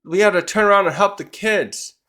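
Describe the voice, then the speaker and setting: A man's voice: high-pitched, brisk, pushed and bright, voice pushed up. A man voicing worried pirate crewmen reporting bad news, in a slightly raised, urgent voice.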